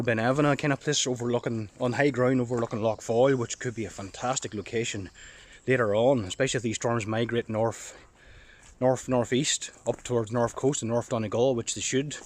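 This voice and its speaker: A Northern Irish man talks to his camera while walking a dog through the countryside, slightly out of breath from the walk. He sounds excited and thinks out loud in loose, rambling sentences. His pitch sits in an ordinary middle range. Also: a little fast. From Northern Ireland. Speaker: storm chaser vlogger. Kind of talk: casual vlog monologue.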